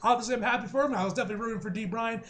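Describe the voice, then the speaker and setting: Young dude ranting about wrestling, high voice, talks fast, laughs a lot. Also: male voice. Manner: excitable, slangy, laughs often, swears. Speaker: wrestling reviewer. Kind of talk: casual video review.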